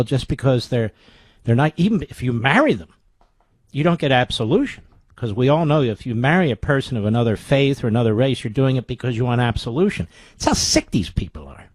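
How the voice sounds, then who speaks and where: A man's voice: mid-range voice, a little mellow, dry recording. A man in a radio studio delivers a combative talk radio monologue, his mid-range voice close and dry on the microphone. He pushes rhetorical questions and sarcasm at the listener without letting up. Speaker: radio talk show host.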